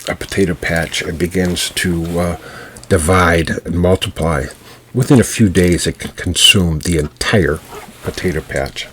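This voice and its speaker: A man hosting his own podcast, talking through a history lesson at an unhurried pace with frequent pauses and restarts. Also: sits low, slightly rough. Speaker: storyteller and podcast host. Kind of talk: solo podcast history talk. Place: home.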